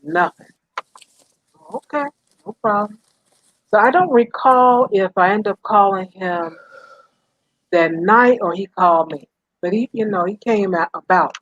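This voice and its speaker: A woman co-host telling a story in casual chat, in a relaxed way. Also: mid-range voice, unhurried, long pauses, no echo. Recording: dull lo-fi sound.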